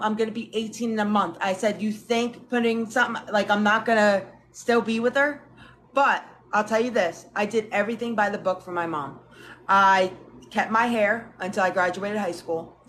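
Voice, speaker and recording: A young woman in casual chat, telling family stories with lively acted-out quotes. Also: medium pitch, a little hiss or hum. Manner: animated, acts out family quotes. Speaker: guest.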